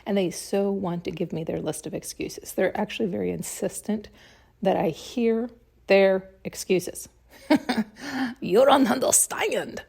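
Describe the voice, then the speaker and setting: A woman's voice: mid-range voice, slow pace, vocal fry, dark tone, slightly rough. A woman hosting a podcast, giving a blunt, heated solo monologue during an intuitive reading and swearing freely. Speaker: podcast host.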